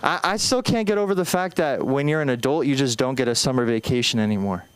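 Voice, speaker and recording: A man's voice: medium pitch, animated, quick pace. A young man in his twenties doing an open-mic stand-up set on a small club stage, talking in an anxious, self-deprecating, rambling way with lots of restarts. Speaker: stand-up comedian.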